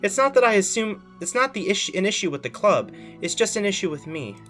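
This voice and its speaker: A man's voice: high voice, sing-song, quick pace, bright, forceful tone, faint music behind, heavily acted. A man reading the lines of a shy, awkward teenage girl aloud from a visual novel, in a plain voice with restarts. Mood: hesitant.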